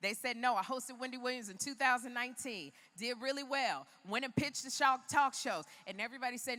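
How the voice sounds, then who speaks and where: A woman's voice: fairly high pitch, fairly quick, few pauses, bright, forceful tone, in a large hall. Emphatic woman giving a keynote. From Chicago. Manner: emphatic, preacher-like storytelling. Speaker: keynote speaker. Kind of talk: motivational speech. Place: large indoor arena.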